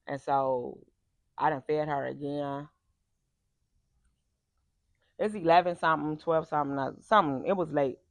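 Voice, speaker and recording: A woman tells a personal story in a casual, animated, emphatic way. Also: deep voice, a little fast, no echo. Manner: animated and emphatic, acts out the people she quotes. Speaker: vlogger telling a personal story.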